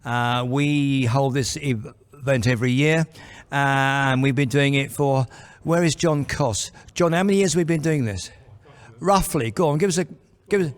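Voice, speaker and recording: A man at a mid-range pitch opens an evening event with a loose, chatty introduction of the guest speaker. He trails off, restarts and jokes about himself along the way. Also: moderate pace, clean tone. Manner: rambling, self-deprecating, full of fillers. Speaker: host, vice chair of the group. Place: event venue, indoors.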